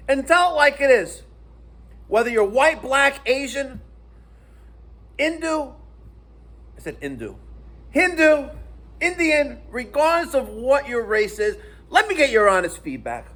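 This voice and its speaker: A man telling a profane, animated story in a casual vlog rant. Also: sits high. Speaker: internet personality.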